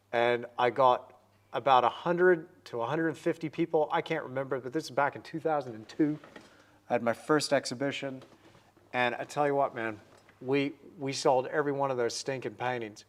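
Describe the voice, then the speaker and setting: A man in his forties hosting a livestream, painting while chatting upbeat and answering viewer comments. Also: mid-range voice.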